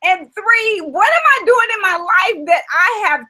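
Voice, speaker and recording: A woman's voice: extremely high pitch, expressive, unhurried, sharp tone, rough recording. A woman hosting a casual chat show, talking in an emphatic, opinionated way with many fillers. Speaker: host.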